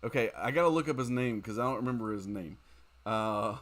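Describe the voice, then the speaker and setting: A man's voice: fairly low pitch, a little fast. Tired, giggly man streaming a game. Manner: rambling, giggly, reacts loudly to the game. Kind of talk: casual late-night gaming stream chat.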